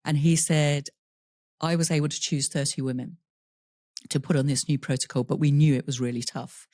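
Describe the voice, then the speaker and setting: A woman's voice: low-pitched, steady tone, normal speed, mellow, no room sound, studio quality. A woman guest on a podcast interview telling a personal story candidly, laughing through painful memories and acting out quoted dialogue. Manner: voices other people in quoted dialogue.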